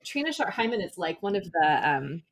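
A woman with a notably low voice talks casually about a book she loves. She is enthusiastic and rambling, and she keeps restarting her sentences around fillers. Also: sing-song, a little fast, a little hiss or hum. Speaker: podcast host reviewing a picture book. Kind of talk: casual chat.

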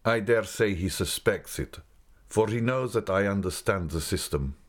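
A man doing a deep, grave, mournful guide. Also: close to an everyday voice. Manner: slow, measured, mournful. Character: grave, secretive older male guide.

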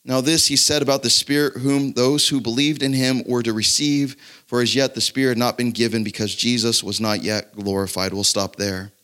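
A man preaching a sermon in a relaxed, conversational way, reading scripture aloud to his congregation. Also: mid-range voice, moderate pace, smooth. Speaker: pastor.

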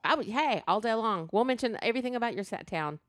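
A woman's voice: a little high, lively intonation, quick pace, no room sound, studio quality. A woman hosting a podcast, telling rambling stories in casual chat and laughing often. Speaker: podcast host. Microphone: podcast mic.

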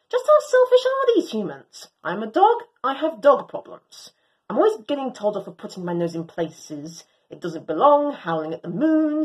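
A woman reading a story aloud and voicing a proud, excitable female Doberman dog. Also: fairly high pitch. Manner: animated, swooping, theatrical.

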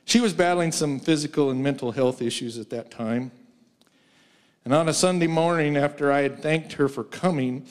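A man preaching as a guest speaker, telling personal stories with frequent laughs. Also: fairly high pitch. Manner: storytelling, laughs often, acts out quoted voices. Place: church sanctuary.

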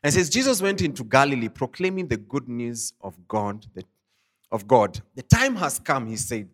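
Guy preaching online, lively voice that swings up and down, slightly high, chatty "you know" style. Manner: conversational, repeats "you know" and "I mean"; reads scripture aloud slowly. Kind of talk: online sermon, Bible teaching.

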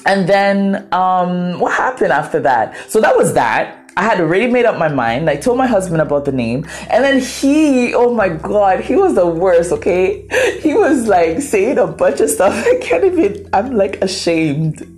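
A woman's voice: medium pitch, measured pace, faint music behind. A woman from Ghana whose first language is Twi, hosting a podcast and telling a story in a casual, dramatic, playful way. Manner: animated, dramatic, playful, acts out quoted voices. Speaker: podcast host.

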